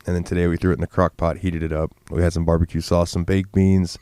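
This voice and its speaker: A sick man from Florida co-hosts a podcast in casual chat, his deep voice fast, mellow, and clean, with little pitch movement. The recording is a clean, echo-free studio sound. He rambles, swears freely, and gets worked up when he rants.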